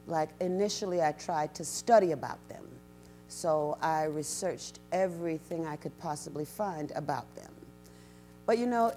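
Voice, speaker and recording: Animated woman storyteller giving a talk. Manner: animated, acts out quotes with big pitch jumps. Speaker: storyteller and guest speaker. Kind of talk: storytelling lecture. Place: university event, in front of an audience.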